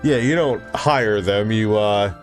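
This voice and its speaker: A man streaming reaction commentary, mocking and swearing, often rising into loud high-pitched rants. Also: takes it slowly, faint music behind.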